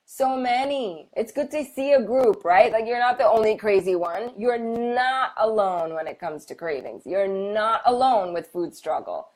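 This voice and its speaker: A woman hosting a casual live stream, chatting warmly and encouragingly with viewers with lots of fillers and restarts. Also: mid-range voice, animated, normal speed. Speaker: medical intuitive hosting a live Q&A.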